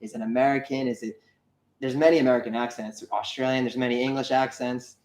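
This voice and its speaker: A man's voice: medium pitch, steady tone, quick pace, darkish tone. Upbeat chatty man in an echoey room. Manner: upbeat, rambling, reads chat aloud. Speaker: livestream co-host. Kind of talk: casual livestream chat.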